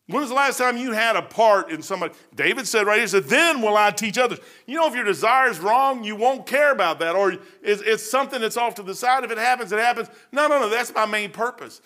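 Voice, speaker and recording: A man's voice: high voice, fast, pushed and bright. A man preaching a sermon as a pastor, telling folksy stories and rising into fervent preaching.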